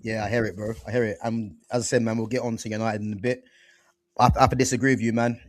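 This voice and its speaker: A young man hosts a casual football chat show, talking loosely and laid-back with lots of slang, dropping "man" and "bro" all over. His voice is lowish with little pitch movement and a fast delivery. The recording is clean studio sound with no room sound.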